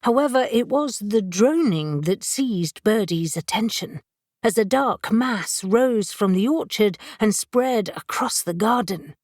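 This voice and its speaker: Woman narrator, audiobook reading, measured and unhurried, voices her characters, dry studio sound. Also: medium pitch, animated, darkish tone, no room sound. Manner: measured, voicing each character. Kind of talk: scripted narration.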